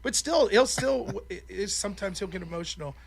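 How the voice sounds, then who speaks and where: A man hosting a call-in show, telling stories in a casual, profane, animated way and acting out the voices of people he quotes. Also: sits high, fairly quick, gravelly, slightly rough.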